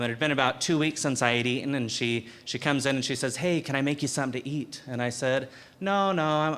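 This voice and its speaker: A young man giving a personal testimony in a university chapel, speaking earnestly and haltingly, often repeating words. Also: medium pitch, a bit bright, clean tone. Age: young adult. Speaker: student speaker.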